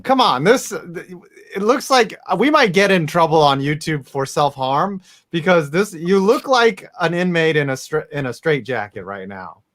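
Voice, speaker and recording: A man with a slightly raised pitch co-hosts a casual sports talk. He teases and jokes before he gets into the news. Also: lively intonation, measured pace, a bit bright. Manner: teasing, joking banter. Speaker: podcast co-host.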